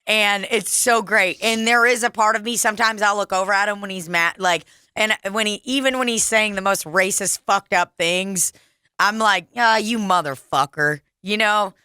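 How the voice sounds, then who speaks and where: A woman with a St. trades stories on a comedy podcast, blunt and profane, breaking into laughter often. Her voice is bright and forward, recorded close and dry. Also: medium pitch, moderate pace, smooth, no echo. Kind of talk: casual comedic chat.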